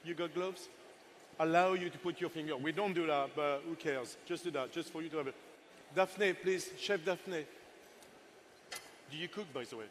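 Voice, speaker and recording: Chatty older male chef, higher voice. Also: normal speed, pauses often, slight background noise. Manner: chatty and playful, teasing helpers and the audience. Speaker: chef giving a cooking masterclass. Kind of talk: live cooking demonstration. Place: festival stage in front of a live audience.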